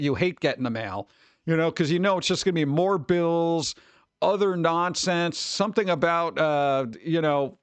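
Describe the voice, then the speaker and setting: A man's voice: a little high, clean tone, no room sound. A man in his forties, hosting a stream in casual chat, ranting and swearing lightly about everyday annoyances. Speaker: streamer host.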